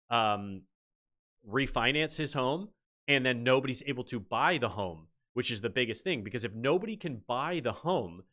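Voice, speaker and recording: A man hosting a casual livestream, telling stories with animation and answering chat. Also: mid-range voice. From Canada. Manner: animated storyteller reading chat aloud. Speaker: livestream host.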